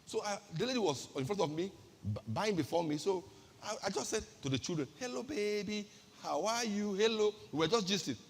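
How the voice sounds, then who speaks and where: A woman's voice: lowish voice, lively intonation, fast talker, a little mellow, in a large hall, faint music behind. A woman pastor with a Nigerian accent giving an emphatic sermon-style talk, firing off rhetorical questions and repeating her key phrases.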